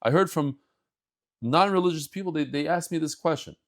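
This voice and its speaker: A man giving a daily Talmud lesson, telling the stories in an animated way and mixing English with Hebrew and Yiddish terms. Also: a little high, fairly quick. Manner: animated storytelling, acts out scenes. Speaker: Talmud teacher.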